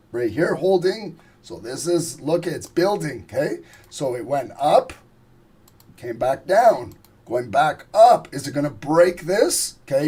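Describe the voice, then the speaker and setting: A hoarse man as a trading instructor, casually walking viewers through price charts on a live stream, profane and checking they follow along. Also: on the high side, a little mellow.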